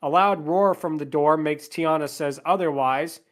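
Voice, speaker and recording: Sardonic podcast host recapping a movie. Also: male voice, fairly high pitch, a little slow. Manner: plot narration with sarcastic asides.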